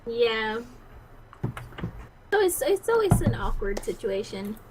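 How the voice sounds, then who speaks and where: A woman's voice: on the high side, big pitch swings, slow, noisy background. A woman chatting casually as a player, hesitant and trailing off mid-sentence. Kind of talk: casual chat.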